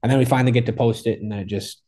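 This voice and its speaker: A man of middle pitch tells a golf story in a loose, casual interview. He talks excitedly and rambles, stacking up "like" and starting sentences over. His voice sits neither high nor low. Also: racing, a little hiss or hum. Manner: excitable, rambling, full of "like" and restarts. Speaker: golfer recounting his hole in one.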